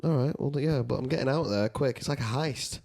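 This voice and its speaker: A man with a Northern English accent, co-hosting a casual comedy podcast and bantering in a playful, animated way. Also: mid-range voice, brisk, vocal fry. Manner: animated, playful, slips into mock voices. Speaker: podcast co-host.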